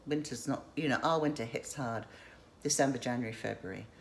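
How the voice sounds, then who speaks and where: Very low-voiced chatty woman. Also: a little fast, gravelly, slight background noise. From England. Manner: chatty, rambling, self-interrupting. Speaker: vlogger. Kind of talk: casual show-and-tell vlog.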